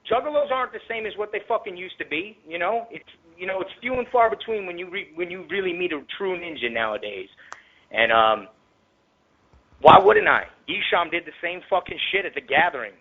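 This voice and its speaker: A man's voice: sits high, animated, a little fast. A man from the Tampa Bay area, a rapper telling a story in an interview, in heavily profane streetwise slang that gets heated. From Tampa Bay area, Florida. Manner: grows heated and louder. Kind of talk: casual storytelling. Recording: tinny phone-line recording.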